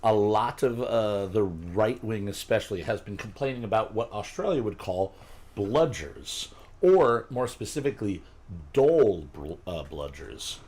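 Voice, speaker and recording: A man's voice: fairly low pitch, expressive, a little slow, a little mellow. A man hosting a casual chat, explaining terms in a rambling way, often laughing. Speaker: podcast host.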